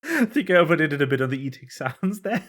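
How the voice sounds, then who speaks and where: A streamer casually commenting on a game, playful and excitable, joking and swearing for fun. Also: mid-range voice, quick pace, slight background noise.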